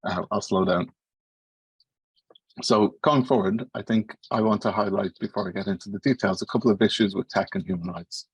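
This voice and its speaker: A man with an Irish accent giving an academic panel talk, speaking quickly and earnestly as he explains his points. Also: sits low, steady tone, husky, no echo, lo-fi sound. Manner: fast-paced, earnest, explanatory.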